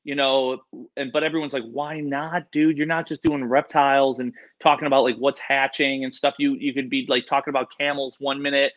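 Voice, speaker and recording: A man, an animal expert, telling rambling, animated stories in a casual interview. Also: medium pitch, a little fast, lo-fi sound.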